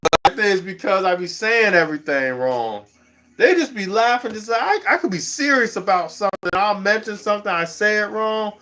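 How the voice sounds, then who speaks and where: Guy rambling on his livestream, laughing at himself, voice a touch high. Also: expressive, a little fast, bright, forceful tone. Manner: rambling, chuckles often. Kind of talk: casual livestream chat.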